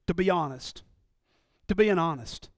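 A man preaches a sermon with a strikingly high voice for a man. He swings from loud shouts down to low murmurs and slips into his listeners' voices as he goes. The sound is dry and close, with no room echo. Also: expressive, measured pace. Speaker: pastor.

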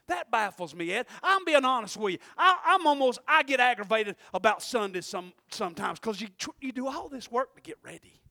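A preacher with a very high, bright, forceful voice, heard close and dry. He swings from shouted exhortation to quiet, folksy asides and keeps calling out to his congregation. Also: gravelly, no echo. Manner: frequent call-outs to the congregation. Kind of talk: sermon.

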